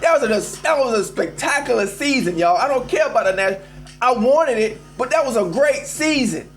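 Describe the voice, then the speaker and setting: A man's voice: very high voice, normal speed, soft background music. A man hosting a live call-in show, ranting emphatically about sports and talking straight to his listeners. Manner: animated, emphatic, addresses listeners as y'all. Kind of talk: casual sports rant.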